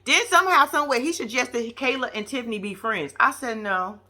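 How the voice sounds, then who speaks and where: A woman giving brash, profane, animated commentary on a reality show. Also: fairly high pitch, moderate pace. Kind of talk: casual reaction commentary.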